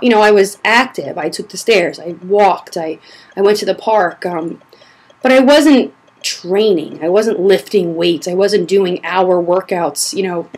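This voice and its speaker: This young woman, a blogger with a mid-range voice, addresses the camera casually to respond to reader questions. Her vlog talk rambles with restarts and fillers, and she sounds a bit short of breath.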